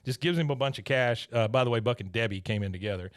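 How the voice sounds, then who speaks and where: A man's voice: medium pitch, fast talker, no echo, clean studio sound. A man co-hosting a podcast, casually retelling a cartoon episode with lots of laughs. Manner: animated retelling, quoting characters with laughs. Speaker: podcast co-host recapping an episode. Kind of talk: casual recap chat.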